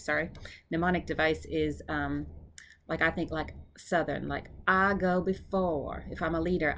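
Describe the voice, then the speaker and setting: A woman tutoring her classmates, casually explaining each word and then repeating it slowly and clearly. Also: deep voice, fairly bright tone. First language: English. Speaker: seminary student tutoring classmates. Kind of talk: informal pronunciation drill.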